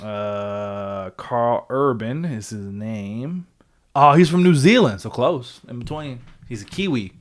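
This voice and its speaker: A man's voice: medium pitch, slow. A man co-hosting a podcast, chatting casually and thinking aloud, with the odd curse. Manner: animated, swearing, thinks aloud. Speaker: podcast co-host. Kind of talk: casual chat.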